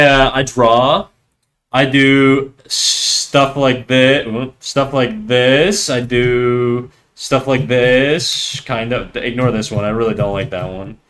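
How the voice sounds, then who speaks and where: Young Canadian streamer, easygoing, meandering talk at a desk mic. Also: male voice, mid-range voice. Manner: relaxed, rambling, lots of fillers and restarts. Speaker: streamer and artist. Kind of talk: casual livestream chat while drawing.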